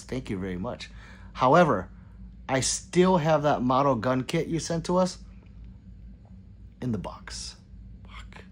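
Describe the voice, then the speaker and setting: On a casual gun channel livestream, a mid-range-voiced man reads viewer comments aloud, rambling and apologetic, muttering in between. Slight background noise is present.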